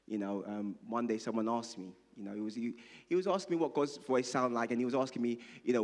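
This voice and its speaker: A man's voice: medium pitch, fast, few pauses, a little mellow. A male pastor preaching a sermon, leading the congregation in call and response and reading scripture aloud. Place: church hall. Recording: reverberant church hall.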